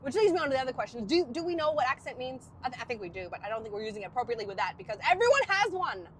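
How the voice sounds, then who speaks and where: A high-voiced woman with a mixed, partly Australian accent chats to camera. Her talk is playful and self-mocking. A faint hum sits behind her. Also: sing-song, racing. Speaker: vlogger. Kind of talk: casual chat to camera.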